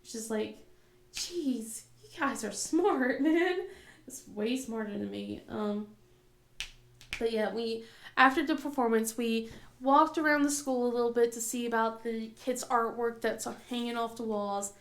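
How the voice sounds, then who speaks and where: A woman's voice: fairly high pitch, flat delivery, normal speed. A woman in her thirties chatting casually as a crafting channel host, rambling through a story with many fillers and a cough now and then. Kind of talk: casual chat. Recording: echoey room.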